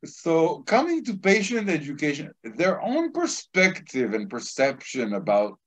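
A man, a cannabis instructor telling an anecdote in an animated way, acting out the quotes. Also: a little high, unhurried, rough recording. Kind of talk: casual anecdote storytelling.

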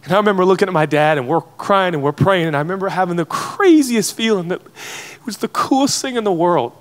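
Speaking briskly in a high voice, a US man in his thirties preaches to a room of pastors at a conference hall. His sermon is earnest and emotional, centered on a personal story.

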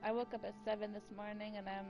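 A woman's voice: mid-range voice, little pitch movement, fast. A woman live-streaming a horror game, talking casually in a sleepy, laid-back way. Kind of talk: casual live gaming chat. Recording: stream with game music behind.

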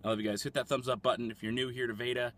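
A man vlogging casually at a fast food restaurant, rambling and talking with his mouth full as he tastes a dessert. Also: medium pitch, flat delivery, a bit bright, slight background noise. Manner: chatty, rambling, eating while talking. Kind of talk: casual food-tasting vlog.

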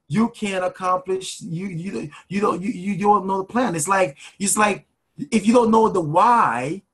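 Male show host, finance coach, husky and fairly high voice, preachy motivational delivery with repeated phrases. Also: a bit bright, poor audio. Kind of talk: motivational talk.

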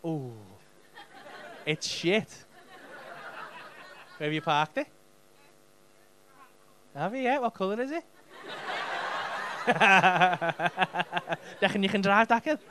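A stand-up comedian with a thick Liverpool accent, bantering cheekily with the crowd and swearing freely. His voice sits high and sounds bright and forceful, with a faint hum underneath. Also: lively intonation, drawn-out words, pauses often. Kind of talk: crowd work. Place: comedy club stage.

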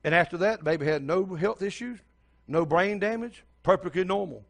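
A man's voice: high-pitched, brisk, gravelly. An older man preaching a sermon as pastor, telling a story and speaking straight to the congregation.

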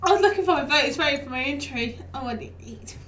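A young British woman streams a game live, chatting casually with viewers, laughing easily and talking back to the game. Her high voice is off-mic and distant in an echoey room, and the recording is very noisy.

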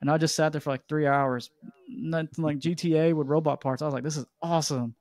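A man, hosting a casual podcast chat and telling rambling, animated stories. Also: a little high, brisk, no room sound, studio quality. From Georgia, USA. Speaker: podcast host.

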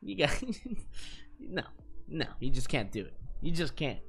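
Brash, bright-voiced male streamer. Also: a little high, very animated, measured pace, vocal fry, breathy edge, soft background music. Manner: brash, profane trash talk. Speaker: game streamer. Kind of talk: casual live-stream gameplay chat.

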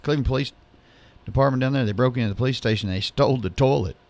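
A man's voice: medium pitch, rapid-fire, darkish tone. A man co-hosting a radio show, telling a long joke story in casual banter.

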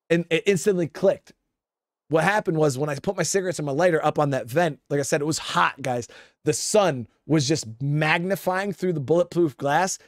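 A man with a slightly high voice tells a war story in a loose, rambling style, cursing freely and calling out to his listeners as guys. The sound is dry and close. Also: no room sound. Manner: profane, rambling, keeps addressing listeners as guys. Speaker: Marine veteran storyteller. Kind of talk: casual spoken storytelling.

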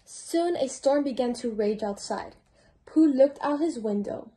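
A woman's voice: fairly high pitch, animated, unhurried, mellow. A teenage girl reading a children's storybook aloud as a mentor, sometimes stumbling and restarting words. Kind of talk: children's book read-aloud.

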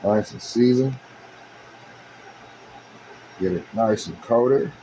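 A man's voice: medium pitch, slow, dark tone, slight background noise, poor audio. A man doing a casual cooking demonstration, talking chattily to his viewers as he works. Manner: chatty, addresses viewers as you guys. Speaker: home cook.

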